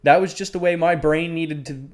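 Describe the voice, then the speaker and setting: A man's voice: fairly high pitch, fairly even intonation, normal speed, darkish tone. Swearing, self-critical young man chatting. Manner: heavy swearing, calls his friend dude, self-critical. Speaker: podcast co-host. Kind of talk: casual chat.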